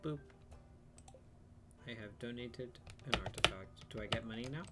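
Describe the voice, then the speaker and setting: A man's voice: medium pitch, moderate pace, loud music behind the voice. A man streaming a farming game, chatting casually and self-deprecatingly about his plans as he plays. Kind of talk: casual let's-play commentary.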